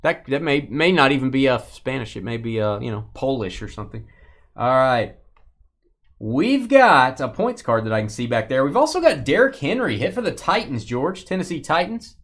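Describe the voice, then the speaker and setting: A man's voice: medium pitch, sing-song, fairly bright tone. Man hosting a live card break. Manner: reads names and teams in quick bursts, joking asides.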